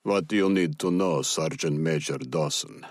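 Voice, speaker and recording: A man voicing a guarded Russian special forces officer with a Russian accent, curt and measured. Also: very deep voice, dry recording, clean studio sound.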